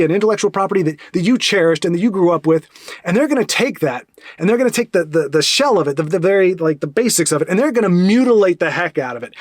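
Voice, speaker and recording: A man talking in a casual, rambling monologue, animated and full of restarts and asides. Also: sits high, dry recording. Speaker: podcast host.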